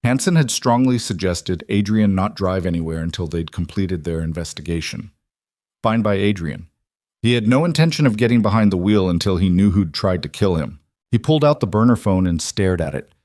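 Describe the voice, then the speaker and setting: A man narrating a scripted dramatic story in a steady, even manner. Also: low voice, normal speed, no echo, studio quality.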